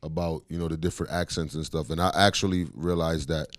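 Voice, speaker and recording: Animated Caribbean man, dry sound. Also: very deep voice, no echo. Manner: animated, jumps into quick voice imitations, repeats "you know what I'm saying". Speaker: comedian interviewed about his characters. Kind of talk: casual interview chat.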